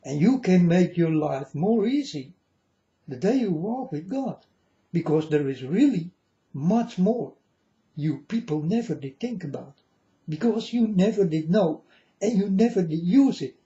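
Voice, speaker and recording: Slow, dark-voiced preachy man. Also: high voice, animated, muffled recording. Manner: preachy, repetitive, calls audience folks; non-standard English grammar. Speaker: vlogger addressing viewers. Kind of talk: rambling spiritual monologue.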